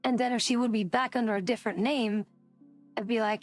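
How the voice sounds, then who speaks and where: A woman's voice: a little high, steady tone, brisk, soft background music. A woman streamer chatting casually, indignant and rambling, swearing often. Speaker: VTuber streamer.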